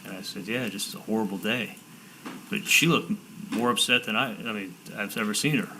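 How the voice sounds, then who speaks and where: A man testifying as a defendant in a courtroom, telling his story in halting sentences with repeated words and "I'm like" quotes. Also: lowish voice, noisy background.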